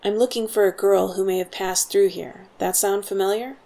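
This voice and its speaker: A woman's voice: medium pitch, fairly even intonation, normal speed, dark tone, natural voice. A woman voicing a young soldier impostor who talks down to guards in a commanding, cutting way. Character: young soldier impostor, bossy and sharp-tongued.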